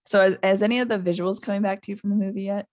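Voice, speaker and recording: A woman hosting a podcast, reading a novel aloud in a lively way. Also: medium pitch, racing. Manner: lively, laughs often. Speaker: podcast host.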